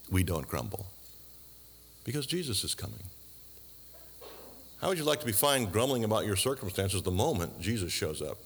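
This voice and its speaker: A man's voice: medium pitch, fairly bright tone, husky, in a large hall. A man preaching a sermon, asking the congregation questions and adding dry asides. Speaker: pastor.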